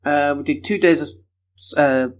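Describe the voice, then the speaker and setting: A man's voice: fairly high pitch, moderate pace. A man from Leeds, hosting a casual solo podcast in a chatty, enthusiastic, self-deprecating way. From Leeds, England. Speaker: podcast host.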